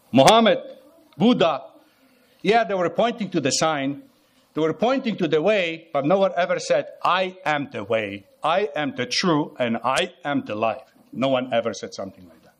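Emphatic higher-voiced male preacher. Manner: emphatic, repeats phrases, asks the listeners rhetorical questions. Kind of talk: sermon.

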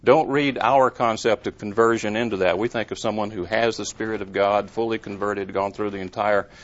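A man's voice: fairly low pitch, fairly even intonation, a little fast. A man preaching a sermon in an earnest way, stressing points with emphatic rises and rhetorical questions. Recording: muffled lo-fi recording.

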